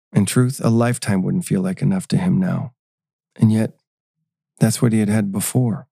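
In a dry, close-miked recording, a male narrator tells a scripted story at an even, measured pace. He has a low, gravelly voice whose tone is dark, mellow, and steady.

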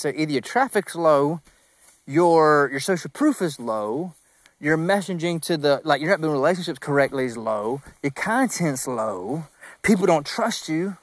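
A man hosting his own podcast, talking casually about business in a rambling, animated way, with emphatic repeated no's and self-deprecating asides. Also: fairly high pitch, dry recording. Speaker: podcast host.

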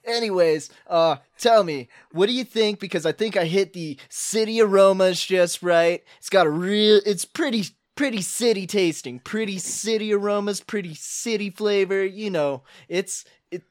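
A man playing a crude, swaggering bro celebrity chef in improvised comedy, loud and profane. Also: sits high, normal speed, few pauses, no room sound, studio quality, natural voice. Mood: boastful. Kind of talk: improvised comedy role-play.

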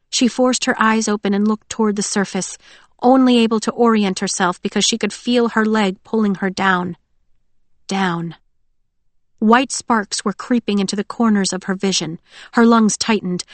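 A woman narrating a novel in a steady, even storytelling voice. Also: mid-range voice, dry recording. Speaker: audiobook narrator. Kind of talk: scripted narration.

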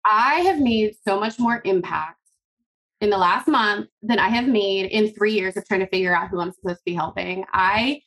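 A woman's voice: medium pitch, moderate pace, fairly bright tone. A woman in her thirties, a podcast guest telling a long story in casual, rambling interview chat, full of fillers and acted-out quotes.

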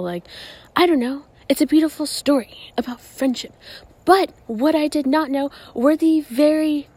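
A young woman hosting a podcast, delivering a casual, profane and exasperated rant. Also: on the high side. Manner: profane, exasperated, animated ranting. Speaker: podcast host.

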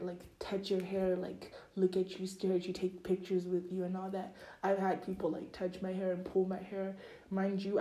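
Chatty teenage girl with a mellow voice. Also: mid-range voice. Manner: chatty, rambling, many filler likes. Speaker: podcast host. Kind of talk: casual gossipy chat. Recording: roomy echo.

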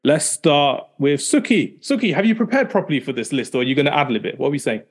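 A man hosting a casual podcast and talking in a quick, chatty and upbeat way. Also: fairly high pitch, animated, breathy edge. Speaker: podcast host.

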